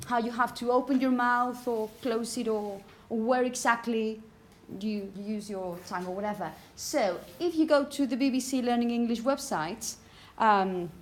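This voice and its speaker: A woman teaching a pronunciation class, calling on students by name and correcting them encouragingly. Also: on the high side. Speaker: phonetics teacher.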